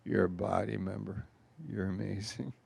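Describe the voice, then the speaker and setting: A man's voice: on the low side, little pitch movement, normal speed, creaky, a little mellow, breathy edge, no echo. A man speaking as a pastor in an informal church talk, rambling and emotional, laughing through his stories.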